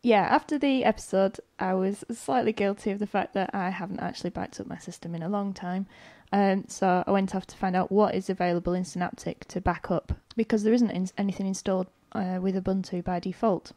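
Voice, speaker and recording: Woman explaining software calmly. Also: mid-range voice, brisk, no echo. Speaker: podcast co-host. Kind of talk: casual podcast chat.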